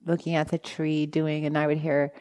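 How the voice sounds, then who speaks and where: A woman meditation teacher giving a dharma talk, telling a personal story with lively asides to the listeners and acting out her own past thoughts. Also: low-pitched, normal speed.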